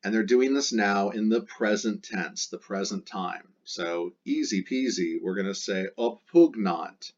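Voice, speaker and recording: Casual low-voiced male Latin teacher. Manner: casual and jokey, drawls out Latin words slowly. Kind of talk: recorded lesson walking through exercises. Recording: dull lo-fi sound.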